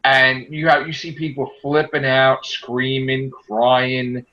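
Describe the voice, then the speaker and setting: A man co-hosting a podcast in casual chat, animated and joking, slipping into quoted voices. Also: medium pitch, slow, dull audio, a crowd in the background. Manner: animated, mimics people in quotes, self-described corny joker. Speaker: podcast co-host.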